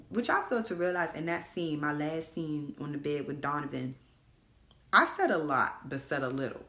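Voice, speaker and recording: A young adult woman host telling her story to listeners in a candid, blunt monologue, animated and swearing freely, calling them y'all. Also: low-pitched, brisk. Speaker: podcast host. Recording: echoey room.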